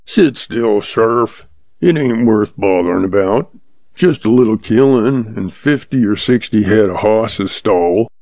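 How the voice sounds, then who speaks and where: A man's voice: lowish voice, lively intonation, measured pace, dark tone, dry recording, muffled recording. A man doing a sneering, surly old-west cowhand. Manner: drawling, scornful. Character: surly sneering male cowhand, middle-aged.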